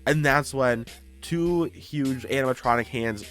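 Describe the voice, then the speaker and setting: Man, casual story recap, animated, middle pitch, faint background music. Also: measured pace. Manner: animated, acts out characters' lines. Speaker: YouTuber.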